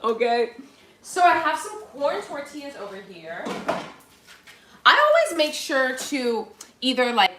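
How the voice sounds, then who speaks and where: Here a woman runs a live cooking demonstration, talking directly to her audience in a relaxed, chatty, playful manner and spontaneously singing short tunes. Her mid-range voice has a sharp edge, with slight background noise behind it.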